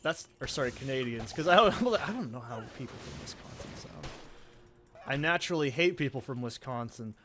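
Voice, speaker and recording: A man's voice: medium pitch, animated, brisk, a bit bright, slight background noise. A man hosting a let's play, giving rambling, profane, self-deprecating gameplay commentary.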